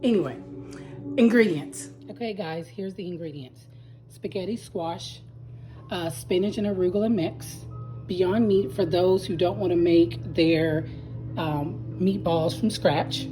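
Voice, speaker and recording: A woman's voice: lowish voice, a little slow, dark tone, faint music behind. A woman from Texas with a Southern accent, hosting her own cooking channel and chatting casually as she walks viewers through each step.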